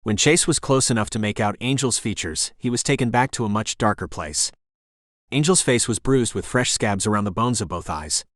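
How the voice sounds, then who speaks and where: Steady and even, a male narrator reads an audiobook from a script. His pitch leans low and his pace is moderate, and the studio-quality recording is free of echo.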